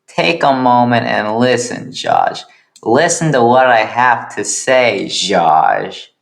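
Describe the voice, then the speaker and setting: A man's voice: mid-range voice, huge pitch swings, slow, vocal fry, voice pushed up, exaggerated voice. A man voicing an emotionally stiff creature friend, earnest and pleading, who keeps repeating his friend's name in an improvised comedic character voice.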